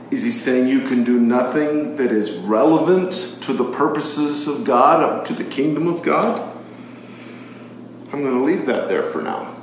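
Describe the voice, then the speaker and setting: A man leads a Bible study, stopping often on an "uh" and asking his listeners question after question. His voice sits at an ordinary middle pitch. It carries a lot of echo, picked up from across the room, with a faint hiss of room noise underneath. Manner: poses rhetorical questions and reads scripture aloud, with frequent fillers. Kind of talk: teaching a Bible study to a live group. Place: room with a live group. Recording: very echoey room, far from the mic.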